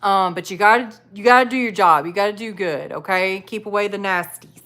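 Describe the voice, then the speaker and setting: A woman's voice: medium pitch, a little fast, fairly bright tone. Chatty woman hosting a live stream. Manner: chatty, laughs often, many "like" fillers. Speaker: livestream host reading chat. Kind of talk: casual live-stream chat.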